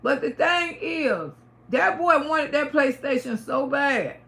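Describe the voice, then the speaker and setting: High, gravelly woman telling a story. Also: expressive, slow pace, a bit bright. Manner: emphatic, repetitive, profane. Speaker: livestream host. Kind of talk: casual storytelling to a live audience. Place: her home apartment.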